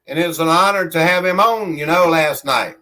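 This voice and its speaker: A man's voice: on the high side, a little fast, sharp tone. A man with a Southern country accent hosting a casual livestream from his home on a phone held in his hand, reading viewer comments aloud in a rambling, friendly way and calling himself by his nickname. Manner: rambling and friendly, refers to himself in the third person. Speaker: livestream host.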